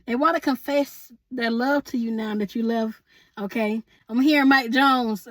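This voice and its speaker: In a dry recording, a woman with a slightly high voice speaks at normal speed while giving a sassy, chatty tarot reading. She laughs frequently, calls viewers honey and boo, and asks spirit aloud.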